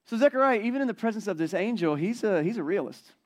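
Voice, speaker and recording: Conversational pastor, a man with slightly high voice. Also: fast. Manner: conversational, animated storytelling. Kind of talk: sermon.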